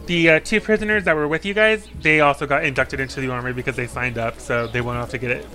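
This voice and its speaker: A man's voice: medium pitch, steady tone, fast, sharp tone. A man narrating as dungeon master, describing scenes in a loose, rambling way with fillers. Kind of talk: narrating a tabletop game.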